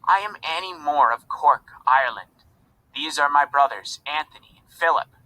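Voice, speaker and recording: A man's voice: on the high side, expressive, moderate pace, pushed and bright, poor audio. A man reading aloud, voicing a brave but anxious fifteen-year-old Irish girl in a storybook. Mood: timid. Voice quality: earnest, protective.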